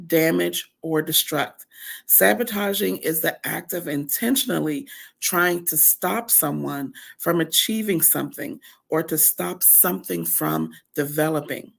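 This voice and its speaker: A woman with a deep, husky morning voice, giving an earnest faith-based motivational teaching at a women's camp and stressing her points through repeated lists. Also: a bit bright. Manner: earnest, emphatic repetition of lists.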